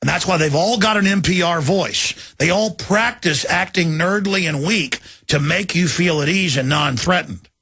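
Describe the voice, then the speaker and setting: Gravelly, fervent ranting male host. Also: sits high, normal speed, few pauses, no room sound, clean studio sound. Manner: fervent, building to shouted outrage. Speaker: radio host. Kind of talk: ranting political commentary.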